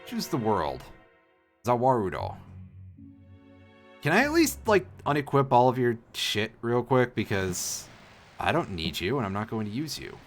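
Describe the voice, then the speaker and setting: A man's voice: huge pitch swings, a little slow, long pauses, faint music behind. A man streaming a role-playing game, half reading the on-screen text under his breath and cracking jokes with the occasional swear. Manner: reads game text aloud in a low mutter, jokes and swears. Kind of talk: casual let's-play commentary.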